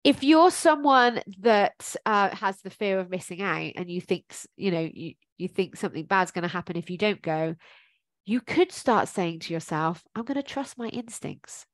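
A woman's voice: lowish voice, normal speed, no echo. Chatty woman coaching, dry sound. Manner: chatty and encouraging, thinks aloud with many ums. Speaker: life coach. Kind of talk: informal coaching talk.

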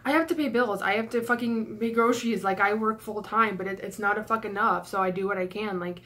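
A young woman venting to her camera in an emotional vlog rant. She sounds flustered and out of breath, rushing her words between sighs and swearing. She is stressed and close to tears, with her voice cracking. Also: medium pitch, a bit bright. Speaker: YouTuber.

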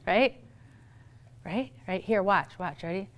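A middle-aged woman psychologist giving a playful, lively talk on parenting to an audience, with quick asides. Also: medium pitch. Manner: playful, quick asides, acts out quoted voices.

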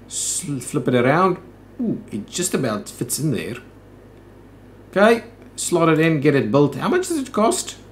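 A man hosting a let's play, thinking aloud in casual commentary with frequent "ooh"s and "um"s. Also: medium pitch.

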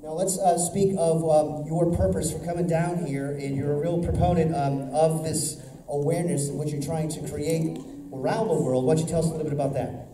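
A man's voice: fairly high pitch, fairly even intonation, brisk. A man emceeing a boxing weigh-in, introducing the fighters and asking loose, rambling questions full of fillers. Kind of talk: live event announcing and interviewing. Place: indoor weigh-in event hall. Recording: echoey hall, far mic, crowd noise.

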